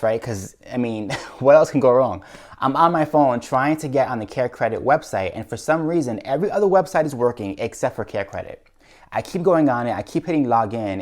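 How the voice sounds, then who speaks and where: A young man vlogging, telling a stressful story in a casual, animated way and acting out what others said. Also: medium pitch. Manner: anxious, animated retelling with quoted dialogue.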